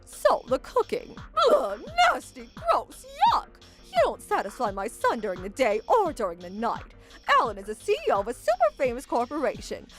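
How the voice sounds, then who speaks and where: Nagging, sneering mother-in-law, a woman voicing her, high and wildly swooping; animated story. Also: brisk, soft background music. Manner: sneering, mocking, shrill taunts.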